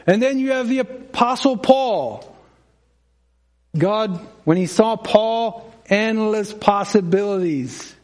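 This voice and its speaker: A man with a high-pitched, darkish voice preaches a sermon conversationally. He often chuckles, acts out bits of dialogue and puts questions to his congregation.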